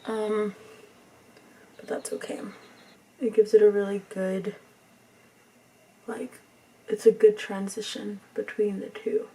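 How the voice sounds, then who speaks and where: A young woman, talking softly through a makeup tutorial in a rambling, near-whispered way. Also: medium pitch, level tone, takes it slowly, long pauses, husky, distant mic. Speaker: beauty vlogger.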